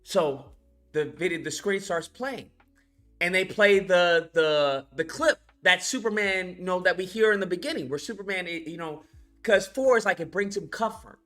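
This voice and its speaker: A man with a high, bright voice gives a casual, rambling movie review rant, swearing freely and restarting his sentences. Faint music plays underneath. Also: normal speed. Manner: rambling, profane, frequent restarts. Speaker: animation YouTuber.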